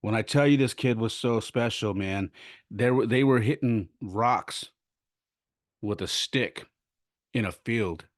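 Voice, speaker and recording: A middle-aged man hosting a podcast, earnestly retelling a story with lively restarts and self-corrections. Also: on the low side, slow pace, no room sound, studio quality. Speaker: podcast host. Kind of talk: casual storytelling monologue.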